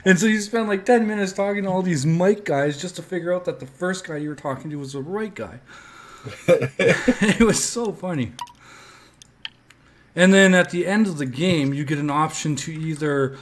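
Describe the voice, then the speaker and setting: A man's voice: on the high side, a little fast, slight background noise. A man rambling through casual gameplay commentary, with lots of filler words as he tells stories. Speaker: gaming streamer.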